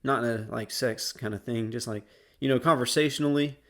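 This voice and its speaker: A man's voice: medium pitch, a little fast. A young man casually telling a school story as a YouTuber, slangy and rambling. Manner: slangy, rambling, laid-back.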